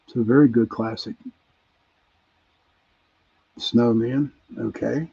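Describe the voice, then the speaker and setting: A man with a Pittsburgh accent chuckles his way through listener answers on a laid-back radio chat show. He talks slowly with fairly even intonation in a mellow, husky, medium-pitched voice with vocal fry, heard through dull lo-fi sound.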